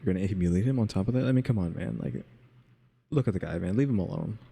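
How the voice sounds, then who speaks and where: A man chatting casually, thinking aloud and saying "question mark" out loud. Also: lowish voice, fast talker, gravelly, husky, in a large hall. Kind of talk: casual chat.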